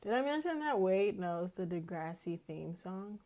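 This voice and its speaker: A woman's voice: mid-range voice, very animated, moderate pace, mellow. A woman, hosting her own podcast in an easygoing, chatty way and laughing often. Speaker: podcast host. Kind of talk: casual chat.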